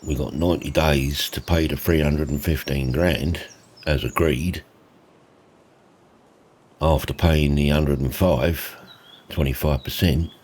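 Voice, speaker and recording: Deep low guy, relaxed chatty roleplay, calls everyone mate. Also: slow, pauses often, slightly rough. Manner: laid-back, chatty, says mate a lot. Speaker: roleplay host. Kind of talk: casual roleplay narration and chat.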